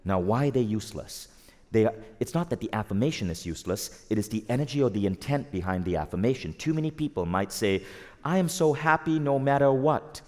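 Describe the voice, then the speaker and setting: A man with a fairly low voice delivers an energetic motivational talk to a live audience, often asking them questions. His voice carries a long reverb from a large hall. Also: fast.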